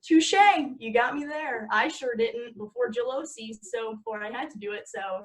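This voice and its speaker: A woman's voice: fairly high pitch, normal speed. A young adult woman chatting as a podcast guest, rambling and laughing at herself as she talks. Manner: rambling, laughing, self-mocking. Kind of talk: casual podcast chat.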